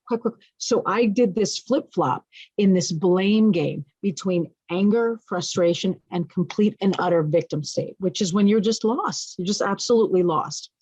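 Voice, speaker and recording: A woman's voice: medium pitch, normal speed, husky, no echo. Frank storytelling woman, dull lo-fi sound. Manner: frank, expressive, self-deprecating humor. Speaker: interview guest. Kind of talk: candid personal storytelling.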